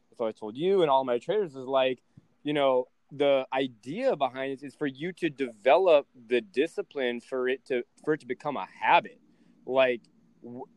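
A man hosting a casual podcast, telling stories in an animated, profane way. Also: medium pitch, dry recording. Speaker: podcast host and trading coach.

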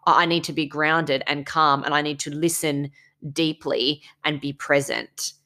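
A young woman with a low voice, co-hosting a casual podcast chat. She talks bluntly and with emphasis, dropping swear words freely. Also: flat delivery, measured pace, pushed and bright. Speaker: podcast co-host.

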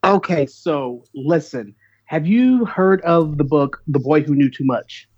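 A man's voice: on the high side, expressive, a little slow, darkish tone, breathy edge, dull audio. A man who is a guest on a podcast, talking casually and eagerly. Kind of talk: casual chat.

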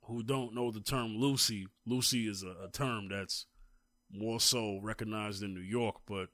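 A man's voice: on the low side, fairly even intonation, measured pace, fairly bright tone, no room sound. A man co-hosting a casual talk, recounting a story at length and growing emphatic as he goes. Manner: storytelling, grows heated and emphatic. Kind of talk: casual conversation.

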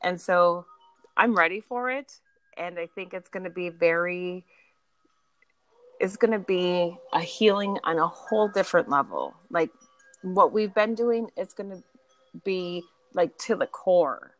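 A woman's voice: lowish voice, unhurried, soft background music, low-quality recording. A woman chatting on a podcast as a guest, telling stories and acting out the people in them. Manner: animated storyteller, acts out quoted friends. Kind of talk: casual chat.

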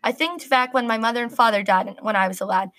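A woman narrating a first-person story in an earnest, expressive reading. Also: on the high side, fast.

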